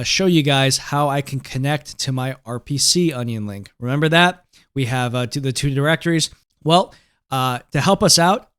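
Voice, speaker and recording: A man walking viewers through a tech tutorial in a relaxed, chatty way, often tagging his points with "right?" and "okay?". His voice comes across smooth and resonant. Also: fairly high pitch. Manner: conversational, keeps checking in with "right?" and "okay?". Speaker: host.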